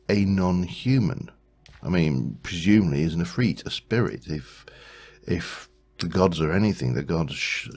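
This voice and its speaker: Man, gravelly, deep, let's play host, casual rambling commentary. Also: darkish tone. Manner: rambling, musing aloud with frequent restarts.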